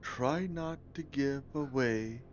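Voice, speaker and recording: A man's voice: medium pitch, takes it slowly, muffled recording, a little hiss or hum. A man playing a tabletop game, chatting casually and rambling with lots of fillers. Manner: rambling, many fillers, laughs often. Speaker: player.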